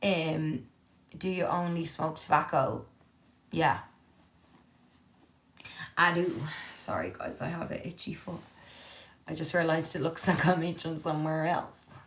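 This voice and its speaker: This young woman has a low voice and is chatting casually on a live stream from her living room. She reads and replies to comments from viewers, speaking candidly and cursing freely.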